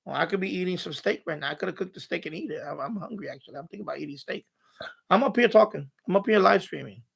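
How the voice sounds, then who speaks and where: A man's voice: high-pitched, fast, creaky, a bit bright, slightly rough. A man hosting a home live stream from his radio room, rambling and ranting with profanity and mocking asides.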